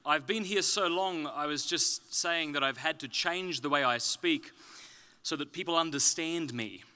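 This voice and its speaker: A man from Australia with a softened, slightly British-leaning Australian accent, giving a conference talk with self-deprecating jokes before turning earnest and explanatory. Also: on the high side, unhurried. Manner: joking, then earnest and explanatory. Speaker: speaker. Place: conference stage.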